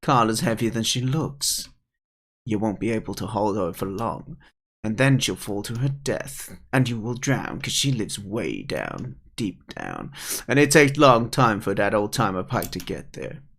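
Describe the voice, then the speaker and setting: A man's voice: on the low side, very animated, unhurried, creaky, fairly bright tone, full character voice. A man reading game dialogue as an old, sarcastic male pike fish with an impatient, dry manner. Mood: gruff.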